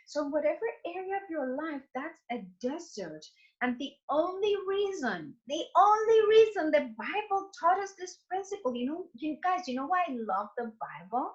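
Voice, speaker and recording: A woman's voice: sits high, dull audio. A woman giving a fervent, chatty motivational Bible talk, speaking straight to her listeners. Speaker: inspirational faith speaker.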